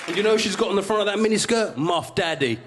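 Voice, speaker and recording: A male stand-up comedian, hosting a comedy show with quick, cheeky punchlines before a live audience. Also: high voice, lively intonation, heavy background noise. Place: studio comedy stage with audience. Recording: live stage with loud crowd.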